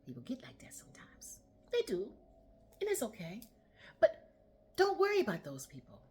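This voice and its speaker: Lively, husky woman telling a story. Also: a little high. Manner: animated storyteller, laughs often, acts out voices. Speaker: motivational vlogger. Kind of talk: casual motivational talk with a story.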